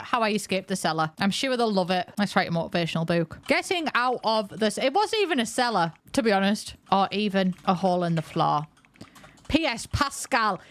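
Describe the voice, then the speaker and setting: A woman giving chatty, excitable let's-play commentary, thinking aloud as she plays. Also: mid-range voice, no echo. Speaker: gaming video creator.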